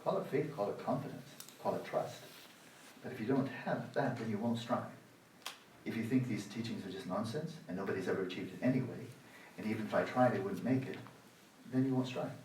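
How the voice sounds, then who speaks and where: A man in his sixties giving a dharma talk at a meditation retreat, sarcastic and animated, acting out the inner voices of his students. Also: lowish voice, fairly quick, slight background noise. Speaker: meditation teacher. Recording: roomy hall, voice from the mic's distance.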